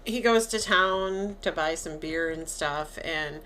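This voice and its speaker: Bright-voiced woman recapping a film. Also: low-pitched, slow. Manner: chatty, animated retelling with quoted lines. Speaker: podcast co-host. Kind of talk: casual chat recapping a film.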